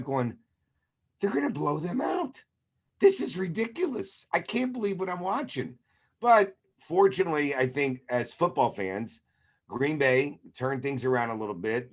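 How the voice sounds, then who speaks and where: Animated man retelling a game. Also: medium pitch. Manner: animated storyteller who acts out reactions. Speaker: podcast co-host. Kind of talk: casual sports chat.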